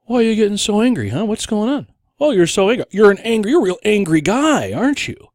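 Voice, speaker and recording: A man's voice: high voice, big pitch swings, fast, a little mellow, no echo, clean studio sound, voice pushed up. A man voicing a smug political opponent who goads and mocks. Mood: taunting. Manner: mocking, goading. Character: taunting male political opponent, smug and needling.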